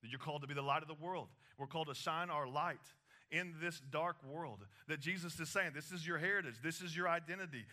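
A man preaching a sermon, animated, with casual asides and laughs, a parent of young children. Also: fairly high pitch, a little fast. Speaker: pastor.

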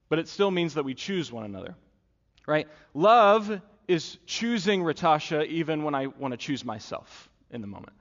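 A man's voice: a little high, fairly bright tone. A young man preaching a sermon, telling a personal story in an earnest, conversational way with lots of fillers. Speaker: pastor. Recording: dull sound with long hall reverb.

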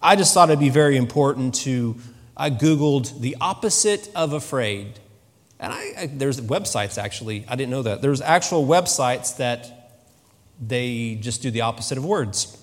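A man preaching a sermon in a church, in a conversational, animated way, often repeating his phrases. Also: medium pitch, moderate pace. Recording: long reverb of a hall.

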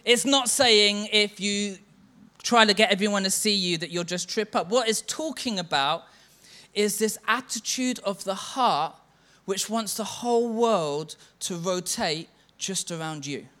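Bright-voiced man preaching a sermon. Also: high voice, a little slow. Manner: storytelling, chants a mocking refrain. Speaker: church leader. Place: church.

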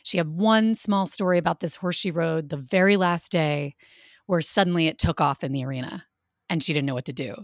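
Middle-aged woman podcast co-host, lowish voice, lively storyteller, dry close sound. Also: a little fast, no room sound. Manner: animated, acts out quotes of others.

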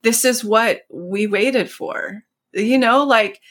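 A woman's voice: a little high, slow, fairly bright tone, no room sound. A woman in her thirties hosting a podcast, talking earnestly and heartfelt with many fillers in casual conversation. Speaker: podcast host.

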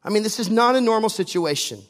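Male pastor, high voice, jokey conversational sermon, long church reverb. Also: animated, fast. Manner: conversational, joking preaching with asides to the congregation.

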